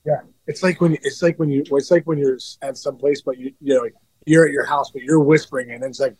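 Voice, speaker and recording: A man co-hosting a podcast in casual chat, calling in from an airport and talking quietly, often restarting his sentences. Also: medium pitch, steady tone, slightly rough, dry recording, low-quality recording. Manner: talks quietly with quick, repeated restarts. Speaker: podcast co-host.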